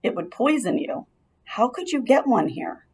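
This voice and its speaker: A woman's voice: fairly high pitch, sing-song, normal speed, a little mellow, breathy edge. A woman voicing a quavering timid aunt mouse. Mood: worried. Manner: quavering, worried.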